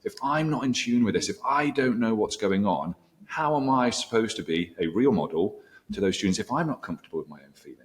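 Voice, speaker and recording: A middle-aged male teacher interviewing a guest at a conference, telling animated stories with quoted dialogue. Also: fairly low pitch, brisk.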